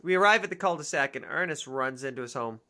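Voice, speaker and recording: A woman's voice: extremely low pitch, lively intonation, fast, sharp tone. A woman streamer chatting casually and musing aloud to her chat as she plays a dating game. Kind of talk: casual gameplay commentary.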